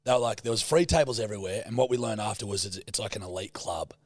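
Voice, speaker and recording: A young Australian man spins a casual, profanity-laced travel yarn. His voice is husky, mid-pitched and dry. He tells it with animated, blokey energy. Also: quick pace, no echo. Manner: sweary, animated yarn-spinning. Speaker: podcast host. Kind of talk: casual storytelling chat.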